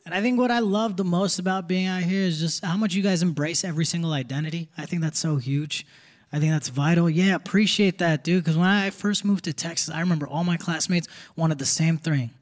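A young man in his twenties performing a live stand-up set, with quick conversational punchlines. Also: a little high. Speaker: stand-up comedian. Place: theater stage with live audience. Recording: live audience laughter, faint crowd noise.

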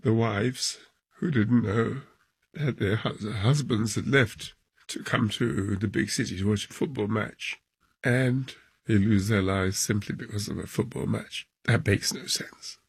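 A man with a gravelly, husky voice recalls events for a documentary interview. He speaks haltingly, with his voice sinking low at times. His pitch sits on the lower side. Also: no echo. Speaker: football club chairman.

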